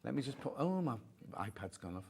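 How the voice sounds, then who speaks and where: Lively chatty British TV host man. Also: mid-range voice, a little fast, gravelly, breathy edge. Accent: British English. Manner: chatty, camp asides, reads viewer comments aloud. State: a bit out of breath. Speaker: shopping channel host. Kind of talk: live TV sales presenting.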